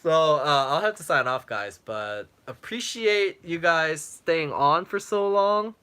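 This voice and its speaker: Speaking slowly in a slightly high, expressive voice that's clean in tone yet pushed and bright, a young travel vlogger chats on a casual livestream. He answers viewers with many fillers, clearing his throat as his voice gives out.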